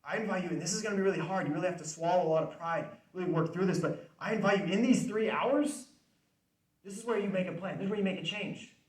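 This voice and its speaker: A young man gives an earnest faith-based motivational talk, his voice pitched a little high. He talks conversationally and repeats his key points. The sound is roomy and distant, as if caught from across a hall. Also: fast. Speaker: speaker. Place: student center hall.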